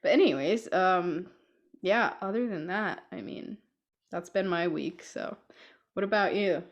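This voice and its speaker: A young woman co-hosts a podcast from a room at home where a cat is present, chatting casually, telling stories and laughing often. Her voice is fairly low and a bit slow, and the recording has its highs cut off.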